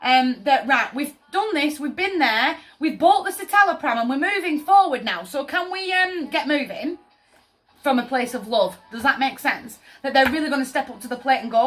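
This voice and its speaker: Speaking at a moderate pace in an expressive, high-pitched voice with a fairly bright tone, this tarot reader offers a casual, chatty reading. She stresses her points and often checks in with "does that make sense?"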